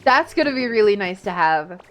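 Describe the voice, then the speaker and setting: A young woman streaming a video game, chatting casually and excitedly into a desk mic. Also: mid-range voice, brisk. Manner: excitable, chatty, gasps and laughs often. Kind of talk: casual live-stream chat while gaming. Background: game music.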